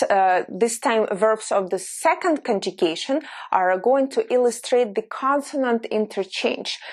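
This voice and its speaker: A woman with a Russian accent, a native Russian speaker teaching an online language lesson, patiently explaining and slowly modeling words. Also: mid-range voice.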